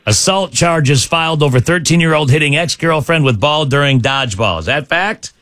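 A man hosting a radio morning show, running a quiz game with quick, joking banter and hyping up the caller. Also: a little high, fairly bright tone, no room sound, clean studio sound.

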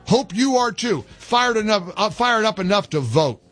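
A man's voice: high voice, sing-song, unhurried, a bit bright, faint music behind. A man hosting a talk radio show, delivering a fired-up political rant that is emphatic and repetitive. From American South. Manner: emphatic, repetitive, restarts mid-sentence.

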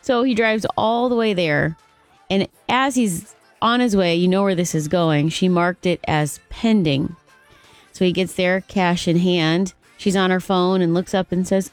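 A woman hosting a morning radio show, telling a story in an exasperated, animated way. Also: fairly low pitch, a little slow, dry recording, soft background music.

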